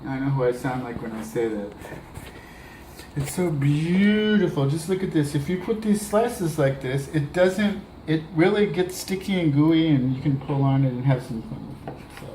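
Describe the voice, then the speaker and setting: A man giving a relaxed, chatty cooking demonstration, talking through each step as he works. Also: mid-range voice, moderate pace, few pauses, echoey room, a little hiss or hum, rough recording. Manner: relaxed, chatty, talks while working. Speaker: cooking instructor.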